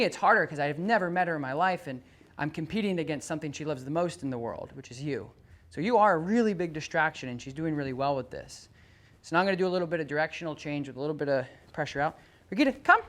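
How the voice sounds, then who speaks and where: Dog trainer coaching with bursts of praise. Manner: explains calmly to the owner, then bursts into loud high praise for the dog. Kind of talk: hands-on training demonstration.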